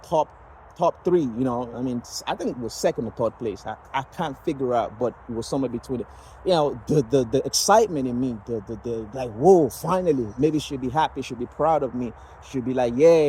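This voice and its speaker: A man's voice: mid-range voice, darkish tone, a little hiss or hum, low-quality recording. A man from Nigeria telling a personal story in a loose, rambling way, full of fillers and restarts. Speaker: vlogger sharing personal story.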